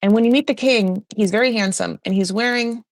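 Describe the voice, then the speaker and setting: A woman's voice: medium pitch, a little fast, dry recording, clean studio sound. A woman hosting a podcast, recapping a reality show in a chatty, gossipy way with lots of "like". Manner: chatty, gossipy, heavy use of "like". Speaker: podcast host. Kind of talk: casual pop culture recap.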